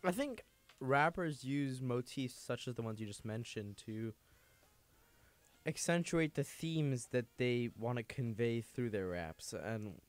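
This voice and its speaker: A young man on a student radio show who speaks in measured, wordy phrases. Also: mid-range voice, lively intonation. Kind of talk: casual panel discussion.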